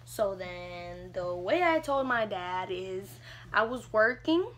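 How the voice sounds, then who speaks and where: A woman's voice: medium pitch, expressive, slow pace, fairly bright tone. A young woman vlogger casually telling a personal story, chatty and leaning on "like" a lot. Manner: chatty, fills with "like" often.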